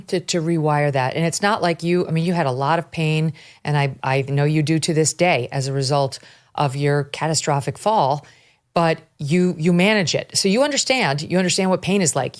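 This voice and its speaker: A woman hosting an interview, thinking aloud and restarting phrases as she builds her questions. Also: low voice. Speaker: host. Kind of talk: conversational interview.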